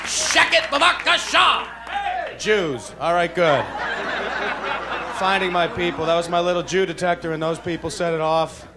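A man from the US doing a stand-up set in an animated manner, jumping into excited voices. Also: on the high side, normal speed. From United States. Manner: animated, jumps into excited voices for parents and impressions. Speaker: stand-up comedian. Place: comedy club stage. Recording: comedy club, crowd laughter and noise.

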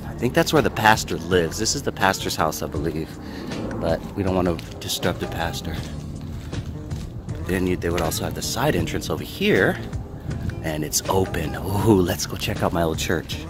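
A man talking casually as he walks and films, reminiscing and sometimes dropping to a hush. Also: low-pitched, animated, moderate pace, music in the background. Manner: reminiscing, hushed at times. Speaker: vlogger. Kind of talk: casual walking vlog.

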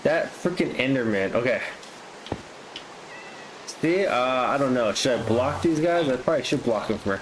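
A man casually commenting on his own gameplay, chatty and easily excited. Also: mid-range voice, normal speed, long pauses, slight background noise, low-quality recording. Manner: excitable, flares up into frustrated outbursts. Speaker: gaming vlogger.

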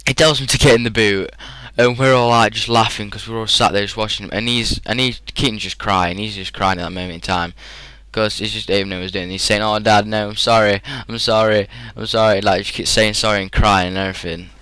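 A man's voice: lowish voice, steady tone, fast talker, hardly any pauses, bright, forceful tone, clear, resonant tone, no room sound, poor audio. A young man in his teens with a British English accent, chatting rambly and casually as a gaming commentator, full of fillers. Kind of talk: casual storytelling over gameplay.

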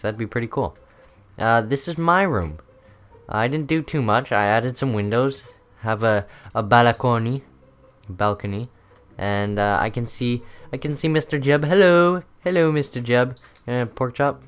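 A man's voice: medium pitch, expressive, normal speed. A young man hosting a gaming video, chatting loosely through his gameplay with lots of ums and uhs. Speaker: gaming channel host. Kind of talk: casual gameplay commentary.

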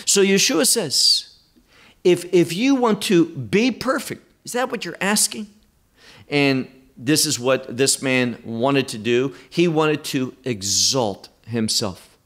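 A man teaching verse by verse through a Bible passage, slow and emphatic, stressing key words. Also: a little high, expressive, a bit bright.

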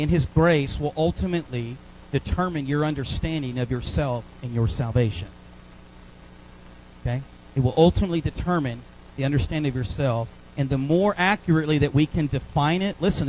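A man's voice: on the high side, a little hiss or hum, low-quality recording. Southern preacher man, keeps asking right. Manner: animated, frequent "right?" checks with congregation. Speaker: pastor. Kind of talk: sermon. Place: church sanctuary.

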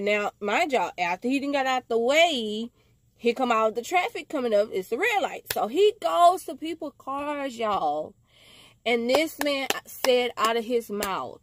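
A woman telling a casual storytime to camera, animated and slangy, talking straight to her viewers. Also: a little high, unhurried, no echo. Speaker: storytime vlogger.

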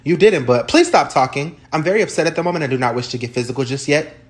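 A man's voice: a little high, animated, fast talker. Man with a stern, formal delivery. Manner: stern, formal, pointedly restrained. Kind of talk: comedy skit.

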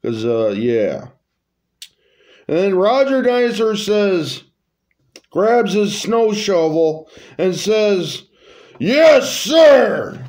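A man reading his own comic story aloud in a high voice. He talks slowly and rambles off into hesitant asides full of fillers. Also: sing-song, a little mellow.

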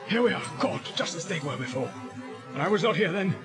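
A man's voice: high-pitched, animated, brisk, voice pushed up. A man reading aloud and voicing a grave, commanding old wizard in an audiobook, urgent in his declamations. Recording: loud music under the voice.

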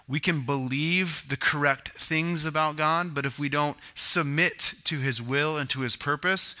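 Male pastor, sermon, chatty teaching tone with asides, bright and forceful. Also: fairly high pitch. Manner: conversational teaching with asides and self-corrections.

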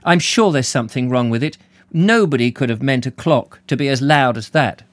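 Guy doing a cranky fussy housewife, high and snappy. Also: very animated, brisk, dry recording, clean studio sound. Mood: complaining. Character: fussy middle-aged London housewife, irritable.

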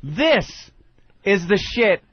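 A man's voice: high-pitched, big pitch swings, extremely slow, breathy edge, no room sound. A male radio co-host in a studio, emphatic and egging the others on in banter. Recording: dull radio broadcast audio.

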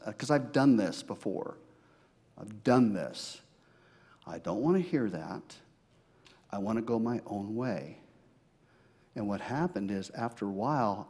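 A man pastor preaching a sermon, swinging from loud emphasis to hushed, near-whispered asides. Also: fairly low pitch, breathy edge.

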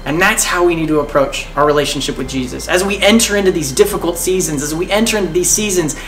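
A man's voice: fairly high pitch, fast, a bit bright, slight background noise. Earnest man telling a devotional story. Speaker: devotional speaker. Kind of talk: short devotional talk.

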